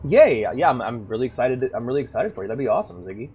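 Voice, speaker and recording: A young man streams a horror game and chats casually with his viewers, rambling with many likes and restarts. His mid-range voice is a little mellow with a breathy edge, lively in intonation and rapid-fire in pace.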